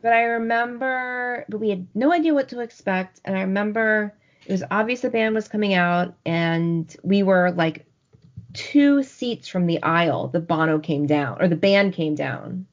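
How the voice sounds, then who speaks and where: A woman's voice: medium pitch, normal speed. A woman in her forties, co-hosting a podcast and telling stories in a casual chat, often laughing. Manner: laughing, lively storytelling. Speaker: podcast co-host. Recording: dull lo-fi recording.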